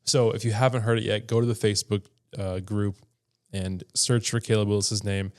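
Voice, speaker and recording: A man's voice: lowish voice, flat delivery, normal speed, a little mellow. A young man co-hosting a podcast, chatting casually and rambling with frequent restarts. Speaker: podcast co-host. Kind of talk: casual chat.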